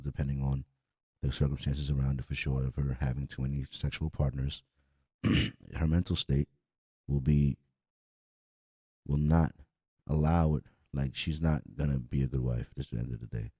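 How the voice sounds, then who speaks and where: Man, young, podcast host, husky, dry close sound, repetitive heated rant. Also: rumbling low, dark tone, dry recording. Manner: blunt, profane, repetitive, heated. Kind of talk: casual opinionated podcast rant.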